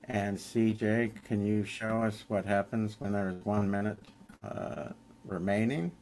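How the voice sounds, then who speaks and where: A man's voice: fairly low pitch, steady tone, measured pace, a little mellow. A man chairing an online recovery meeting, giving friendly, informal instructions and calling on speakers over a video call.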